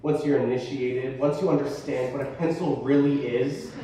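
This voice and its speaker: A man's voice: medium pitch, steady tone, moderate pace, crowd noise. A young man in his late teens, a student giving a talk to an audience, self-deprecating and joking, with frequent stammers and restarts. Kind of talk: presentation to an audience. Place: large hall or classroom with an audience. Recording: echoey room, voice from a distance.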